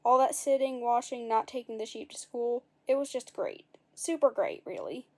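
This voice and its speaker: A woman's voice: fairly high pitch, moderate pace. A woman reading a storybook aloud in a casual way, adding wry, dry asides and fixing her own slips as she goes. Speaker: narrator.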